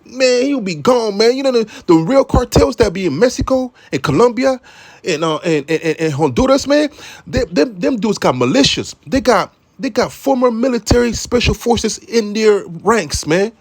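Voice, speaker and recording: Young male commentator, high pitched, rambling and profane, constant "man" filler. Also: moderate pace. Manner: profane, animated street talk. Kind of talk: casual monologue commentary.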